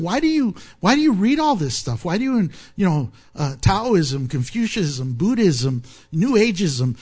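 A man preaching a sermon, animated and joking, often laughing at his own asides. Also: sits high. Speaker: pastor.

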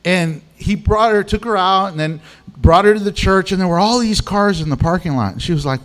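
A man delivers a sermon in a notably high voice. He tells stories in an animated way and acts out the voices of the people he quotes. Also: brisk. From Mexican. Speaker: pastor.

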